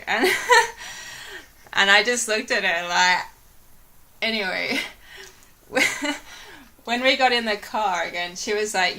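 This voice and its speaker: Bright-voiced giggly woman vlogger. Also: mid-range voice, takes it slowly, pauses often. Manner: giggly, rambling, full of "like". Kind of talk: casual storytelling.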